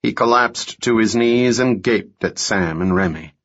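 A man narrating a thriller audiobook in a measured, unhurried reading. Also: fairly low pitch, a bit bright, muffled recording. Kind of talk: scripted narration.

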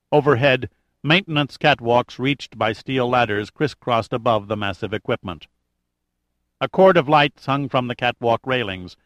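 A man narrates an action story at a measured, even pace, with his pitch sitting in the middle of the male range. The recording is dry and close, with no room sound at all. He reads like a steady audiobook narrator. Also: dry recording. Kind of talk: scripted narration.

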